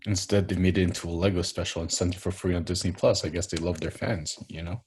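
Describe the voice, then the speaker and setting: A man chatting casually, talking low and murmuring into a laptop microphone, with lots of fillers. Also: steady tone, fast talker, darkish tone, a little hiss or hum. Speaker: co-host. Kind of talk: casual chat.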